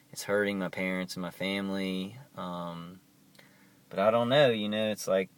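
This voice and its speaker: A man in a casual vlog monologue at home, halting and earnest, restarting and repeating himself as he talks to the camera. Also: sits low, fairly bright tone. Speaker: vlogger. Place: at home, indoors.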